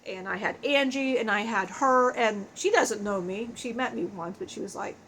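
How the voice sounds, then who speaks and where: A foul-mouthed, wisecracking spirit of a big bald man who has passed on, spoken by a woman channeling him. The voice is high, full of laughs, curses and offhand jokes, with a faint hiss of noise behind it. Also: expressive, moderate pace, fairly bright tone. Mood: joking. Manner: crude, swearing, jokey, laughs often. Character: irreverent dead man's spirit, big bald joker.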